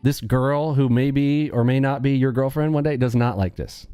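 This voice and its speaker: Joking live-stream host, male, mellow dark voice, faint music behind. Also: mid-range voice, smooth, dry recording. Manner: joking, animated, acts out quick bits of dialogue. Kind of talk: casual live-stream chat.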